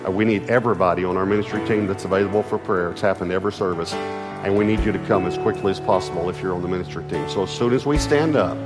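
A man's voice: deep voice, racing. A middle-aged man with a Texan accent, preaching a sermon as pastor, emphatic and often restarting his phrases. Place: large church auditorium. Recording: long hall reverb with faint music.

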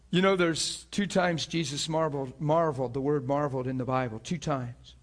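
A man preaching a sermon with deep feeling, acting out scripture scenes with voices and often laughing. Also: fairly even intonation, moderate pace. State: near tears at times.

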